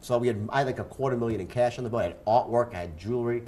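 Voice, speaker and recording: A man's voice: medium pitch, a little mellow. A man telling a dramatic personal anecdote on stage, in punchy bursts peppered with "right?" and "so anyway". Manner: fast, punchy storytelling with frequent "right?" and "so anyway". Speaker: speaker and author.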